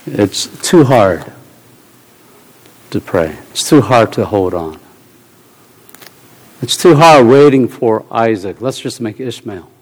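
A man preaching a sermon in an animated, storytelling way, repeating short phrases for emphasis and bursting into loud shouts. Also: medium pitch, slow pace, pauses often. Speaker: pastor. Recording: long hall reverb.

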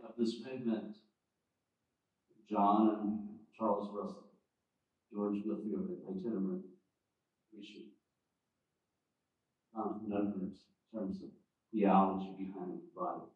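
A man giving a conversational teaching sermon on church history, speaking with restarts and asides. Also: fairly low pitch. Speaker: preacher. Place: church sanctuary. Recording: echoey, distant, dull church recording.

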